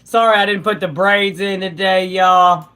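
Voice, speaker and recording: In a relaxed, chatty tone pitched at mid-level, a live streamer speaks to the audience in chat. The talk is laid-back and peppered with slang and brief laughs.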